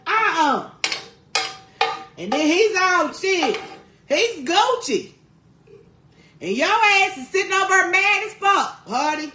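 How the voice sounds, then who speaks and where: A woman's voice: very high-pitched, very animated, takes it slowly, pauses often, pushed and bright, echoey room, a little hiss or hum. Bawdy honey-calling woman cooking on camera. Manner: bawdy storytelling, calls everyone honey, laughs a lot. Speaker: cooking vlogger. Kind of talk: casual cooking vlog chat.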